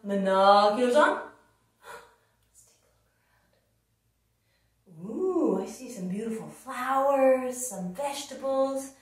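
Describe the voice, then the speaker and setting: A woman's voice: fairly high pitch, animated, measured pace, pauses often. A woman teaching a children's yoga class, leading it with playful sing-song chants. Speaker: kids yoga instructor. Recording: echoey room from far off.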